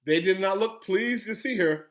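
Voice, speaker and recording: Pitched high and moving at a moderate pace, this man is a school principal reading a children's story to young pupils. He adds animated, gasping asides in a teacherly way.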